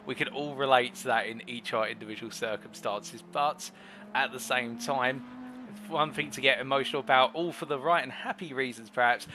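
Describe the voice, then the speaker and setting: A man's voice: mid-range voice, normal speed, sharp tone, slight background noise. A man hosting a live sim racing broadcast, interviewing drivers in formal, flowing commentary phrasing.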